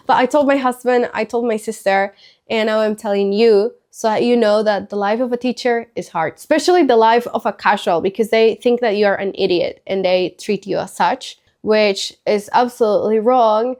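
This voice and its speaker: A sick, hoarse woman talking casually to camera as a teacher and vlog host, rambling with lots of "like" and restarts and sounding a bit upset. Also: medium pitch, darkish tone. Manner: chatty, rambling, frequent "like" and restarts; mildly upset, confiding. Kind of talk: casual storytelling chat to camera.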